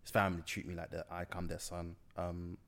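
Young London guy, casual guest, a bit low-pitched, loose slangy rambler who restarts his sentences. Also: monotone, brisk, vocal fry. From South London. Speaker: guest filmmaker. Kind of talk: casual interview chat.

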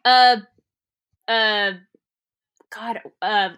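A woman's voice: fairly high pitch, steady tone, drawn-out words, a bit bright, clean tone, dull audio. A woman co-hosting a casual podcast, chatty and often searching aloud for names. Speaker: podcast co-host. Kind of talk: casual chat.

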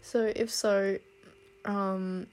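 A booktuber reviewing fictional love interests chats casually about books she loves and hates. She rambles, gushes, swears freely, and breaks into laughs and sighs. Her medium-pitched voice is a little mellow, with flat delivery and drawn-out words.

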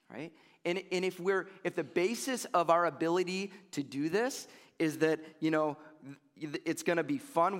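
A male pastor delivers a sermon in an easygoing, humorous, conversational manner. His voice sits a little high for a man. The sound carries a long reverb from a large church hall. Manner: casual, joking, conversational preaching with laughs.

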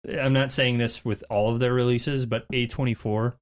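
A man's voice: medium pitch, fairly even intonation, moderate pace, clean tone. A man co-hosting a movie podcast in casual chat, rambling with restarts. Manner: rambling, many restarts and fillers. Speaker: podcast co-host.

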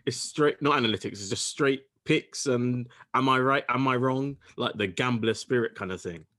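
A man's voice: medium pitch, normal speed, fairly bright tone. A man co-hosting a sports podcast in casual, jokey chat, often mocking himself. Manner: playful, jokey, self-mocking. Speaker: podcast co-host.

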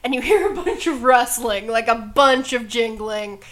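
A woman narrating as game master of a tabletop role-playing game, unhurried, with many fillers. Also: on the high side, expressive, fairly bright tone, echoey room, low-quality recording.

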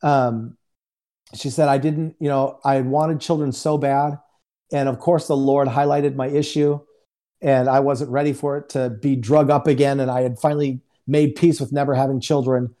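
A man speaks at normal speed in a mellow, medium-pitched voice with a flat delivery. As a guest minister on a remote call, he tells his personal testimony conversationally, acting out the dialogue in quotes.

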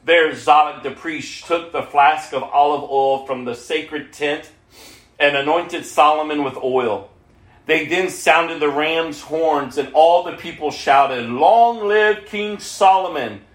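A man's voice: fairly high pitch, steady tone, slow pace, a bit bright. A man reading scripture aloud in a plain, unpolished way, correcting himself now and then. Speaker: reader. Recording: echoey room.

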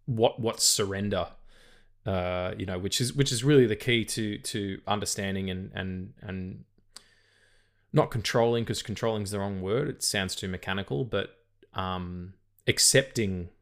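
A male podcast co-host chatting about films in a loose, rambling way. His voice sits a little low. He swears freely and often trips over his words and restarts. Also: measured pace, vocal fry. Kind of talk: casual chat.

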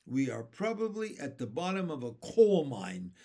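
A man's voice: on the high side, sing-song, normal speed, mellow. A man putting on a gloomy, fretful earthworm. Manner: gloomy and complaining. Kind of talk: reading a children's book aloud.

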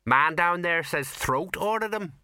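A man's voice: fairly high pitch, animated, unhurried, sharp tone, clean tone, no room sound, studio quality, pitched above the performer's own voice, exaggerated voice. A man voicing a stolid middle-aged male watch sergeant who talks in a level, plain way.

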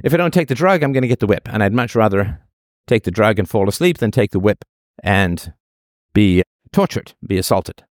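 Guy doing a reluctant dog talking itself into giving up, mid pitch, dry. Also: expressive, brisk, no echo, lightly acted. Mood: resigned. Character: a resigned dog weighing drug against whip.

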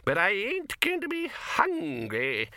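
A cackling, toothless old wizard squeaks high above his speaking voice, mumbling and quavering with a crafty edge. His wavering voice is dry and close, with no room around it. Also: wildly swooping pitch, takes it slowly, bright, forceful tone, no echo, heavily acted. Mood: stubborn. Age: older.

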